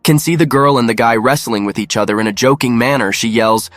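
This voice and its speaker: Dry, even-voiced male narrator. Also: mid-range voice, fairly quick, no echo. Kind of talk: scripted narration.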